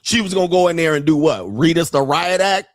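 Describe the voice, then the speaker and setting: Brief: man in his fifties, host, fairly high voice, foul-mouthed mocking rant, dry close sound. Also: animated, fairly quick, no room sound. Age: 50s. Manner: profane, mocking, laughs at his own jokes. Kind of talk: comedic rant. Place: home studio.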